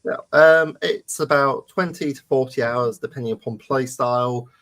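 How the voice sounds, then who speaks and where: A man's voice: mid-range voice, moderate pace, a bit bright. A man from the United Kingdom on a casual panel chat, easygoing and hesitant with many ums. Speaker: panel co-host.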